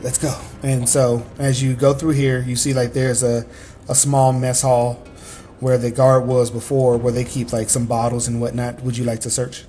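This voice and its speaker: Man, game master, tabletop game narration, rambling, filler-heavy, middle pitch. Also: monotone, normal speed, warm tone, soft background music.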